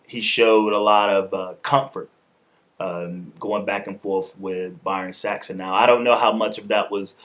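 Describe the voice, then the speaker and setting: A man's voice: lowish voice, a bit bright. A man hosting his own video show, giving a loose, informal spoken review in casual slang with some swearing. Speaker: show host and wrestling reviewer. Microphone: camera mic, talking to camera.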